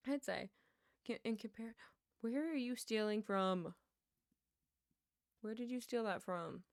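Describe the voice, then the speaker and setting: A woman's voice: a little high, slow pace, no echo. A young woman streamer chatting casually while she plays a building game, rambling to her viewers. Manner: chatty, rambling, talks to chat while playing.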